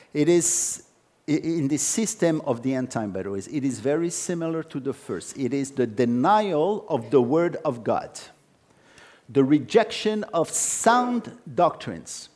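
Brief: male preacher, fairly high-pitched, emphatic, sermon delivery with storytelling asides. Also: expressive, a little slow, darkish tone. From Jewish background, no country stated.

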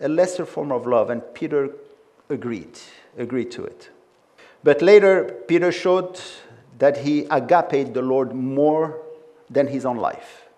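A man's voice: mid-range voice, unhurried, mellow, muffled recording. A man preaching a sermon with emphatic delivery and frequent conversational asides.

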